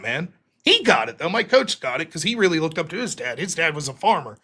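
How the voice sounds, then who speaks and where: Animated, profane man telling stories. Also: a little high, a little fast, husky. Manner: profane, animated storyteller acting out quoted voices. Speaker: host. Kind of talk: live-stream storytelling monologue.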